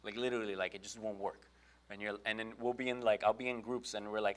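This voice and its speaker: A man's voice: fairly low pitch, fairly even intonation, quick pace, fairly bright tone. A man from Brooklyn giving a casual webinar talk on online selling, chatty and full of fillers, acting out quoted exchanges as he goes. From Brooklyn, New York.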